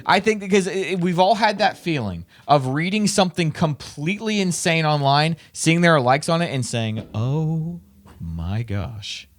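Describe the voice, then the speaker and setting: Male podcast co-host from Tennessee, lively rambling delivery, a bit high-voiced. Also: normal speed, few pauses. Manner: animated, rambling with restarts. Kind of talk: casual chat.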